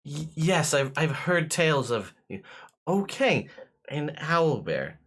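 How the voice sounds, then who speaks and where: Man playing a nervous stammering footman, voice lifted well above his own and slow, fumbling and apologetic. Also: a little high, very animated, a bit bright, pitched above the performer's own voice, full character voice. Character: flustered polite male human footman. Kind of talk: voicing a character in a tabletop game.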